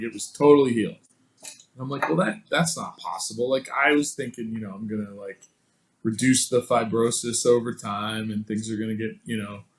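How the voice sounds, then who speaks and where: A man guesting on a podcast, telling a personal story in a casual, animated way and acting out the quoted dialogue. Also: on the low side, poor audio. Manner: casual, many fillers like "like" and "you know".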